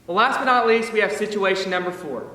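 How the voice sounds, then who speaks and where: Bright, high-voiced young man addressing a crowd. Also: brisk, a little hiss or hum. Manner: upbeat, direct speech to a crowd. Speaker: yell leader. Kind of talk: energetic instructional address. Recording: echoey hall, voice from far off.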